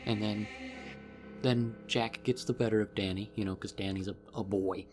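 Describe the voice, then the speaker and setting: A man's voice: on the low side, steady tone, moderate pace, a little mellow, faint music behind. Rambling young-sounding man recapping a book. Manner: rambling, filler-heavy. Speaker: vlogger.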